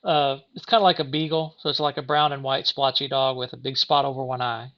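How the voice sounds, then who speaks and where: A woman's voice: very deep voice, steady tone, brisk, dull audio. A woman running a tabletop game as game master, narrating in a chatty way with many restarts. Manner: chatty, with frequent restarts and laughs.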